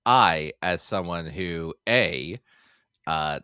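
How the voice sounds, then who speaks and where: A man's voice: sits low, extremely slow, pushed and bright, smooth, dry recording, studio quality. A man in his forties co-hosting a podcast, with playful, jokey banter. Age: 40s. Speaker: podcast co-host. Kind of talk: casual comedic chat.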